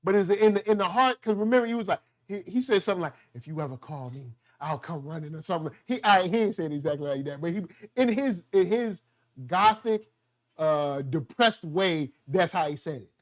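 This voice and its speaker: A man's voice: high-pitched, a little fast. Slangy man riffing on a TV show. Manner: slangy, animated, acts out quotes in voices. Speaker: show host. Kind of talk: casual TV review chat.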